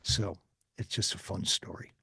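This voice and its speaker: A man who is a life coach and a guest, telling an animated story with repeated restarts in a gravelly, husky voice. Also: unhurried, dry recording, studio quality. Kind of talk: storytelling in a conversation.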